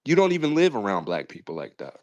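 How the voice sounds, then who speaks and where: A man's voice: mid-range voice, wildly swooping pitch, quick pace, darkish tone, dry recording, muffled recording. A man calling in to a debate show, incredulous and repeating his points. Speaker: caller. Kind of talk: call-in debate.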